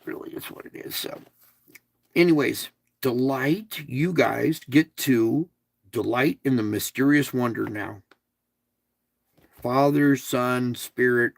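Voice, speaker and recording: Man, devotional speaker talking as God, slow and gravelly, blunt, dry close sound. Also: fairly high pitch, no echo. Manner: blunt, conversational, with crude words; coaxing, asks listeners many questions. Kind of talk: devotional talk spoken in God's voice.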